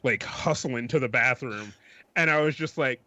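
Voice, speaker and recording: A man co-hosting a casual podcast, telling halting, self-deprecating anecdotes. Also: medium pitch, bright, forceful tone, no room sound, highs cut off. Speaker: podcast co-host.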